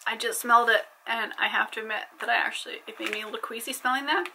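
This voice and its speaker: A woman's voice: fairly high pitch, steady tone, fast talker, bright, forceful tone, husky, poor audio. A young adult woman chatting playfully in a casual vlog, joking as she tries snacks. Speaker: vlogger.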